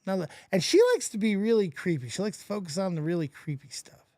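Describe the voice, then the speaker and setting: A man's voice: high voice, fast, no room sound, clean studio sound. Mocking man doing reaction commentary. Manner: crude, mocking, animated. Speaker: host.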